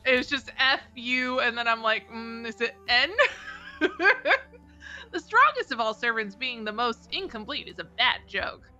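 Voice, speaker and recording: A woman's voice: on the high side, animated, unhurried, sharp tone, highs cut off, faint music behind. A woman reading lines in a group stream, giggly and stumbling over words now and then. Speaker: voice reader on a stream.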